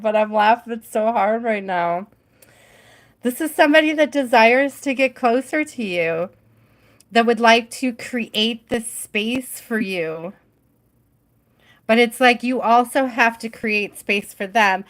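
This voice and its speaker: A woman's voice: fairly high pitch, slow. A woman hosting a live tarot reading stream, chatty and giggly, often trailing off mid-thought.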